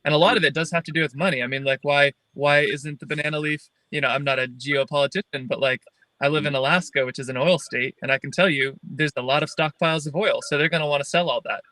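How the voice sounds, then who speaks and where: Earnest young man, bright dry voice. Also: a little high, steady tone, no room sound, poor audio. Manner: earnest, thoughtful, halting. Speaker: filmmaker guest. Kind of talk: livestream Q&A.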